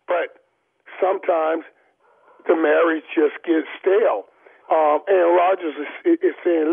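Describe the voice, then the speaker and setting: A man calls in to analyze football on a tinny, phone-like line, his voice sitting a little high. He talks emphatically, repeating and restarting his phrases, and he has the hiccups. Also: fairly even intonation, moderate pace, slightly rough. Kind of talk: sports talk on the phone.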